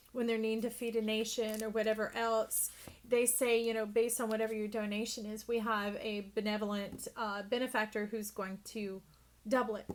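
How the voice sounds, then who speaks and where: A woman giving an intuitive tarot reading, speaking effusively and emphatically straight to the listener, at times dropping into a hush. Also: a little high. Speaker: tarot reader.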